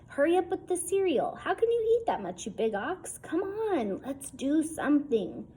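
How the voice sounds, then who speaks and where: Woman doing a shrill, bossy little genius boy. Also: normal speed. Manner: high, bossy and excited. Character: hyperactive, know-it-all small genius boy.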